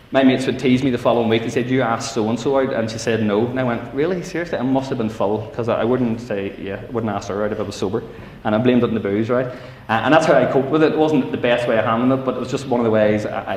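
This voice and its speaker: A man's voice: mid-range voice, steady tone, quick pace, few pauses, darkish tone. Northern Irish man, echoey hall. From Northern Ireland. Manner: storytelling with acted-out voices and asides. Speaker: youth speaker. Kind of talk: humorous talk to teenagers. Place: large civic hall.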